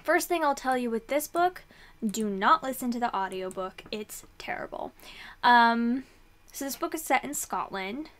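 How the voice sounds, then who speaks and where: A young woman chatting casually about books she read, rambling with fillers and quick restarts. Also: a little high, expressive, a bit bright. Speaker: book vlogger. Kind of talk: casual book review chat.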